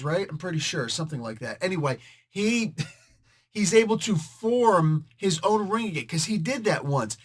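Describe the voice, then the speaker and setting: A man hosting a casual comic book review video, joking and animated and talking straight to his viewers. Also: sits high, husky.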